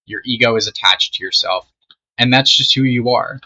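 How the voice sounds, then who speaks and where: Young adult man, gamer telling a story, very bright tone, rambling and profane, muffled lo-fi mic. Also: medium pitch, normal speed, slight background noise. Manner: rambling, swearing, trailing off mid-sentence. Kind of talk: casual storytime while playing a game. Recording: dull lo-fi mic.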